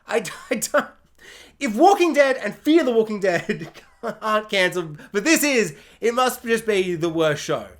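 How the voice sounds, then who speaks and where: A TV reviewer talking sarcastically and laughing often, jumping between high and low pitch. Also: animated, moderate pace.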